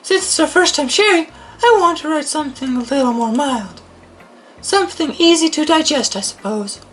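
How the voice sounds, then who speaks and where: A man doing a breathy, high-voiced shy schoolgirl. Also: animated, normal speed, slight background noise. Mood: flustered, shy. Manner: gentle, thoughtful, a little hesitant. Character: shy, formal teenage girl, soft-spoken bookworm.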